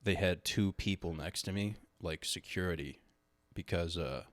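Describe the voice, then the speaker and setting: A man's voice: deep voice, moderate pace, no echo, studio quality. A young man, a stand-up comic guest on a casual podcast, talking in a laid-back, mumbly way. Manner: laid-back, mumbly, says "dude" often. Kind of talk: casual comedy podcast chat.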